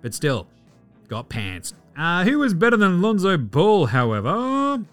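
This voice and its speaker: An Australian man hosting a sports podcast, animated and profane, mocking players with mock outrage. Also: high-pitched, a little slow, faint music behind. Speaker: podcast host.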